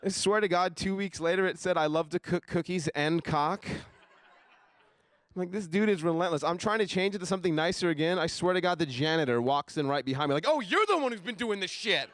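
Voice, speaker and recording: A young man doing a stand-up comedy set on a live stage, deadpan, dropping his voice low for asides. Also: a little fast, smooth, dry recording.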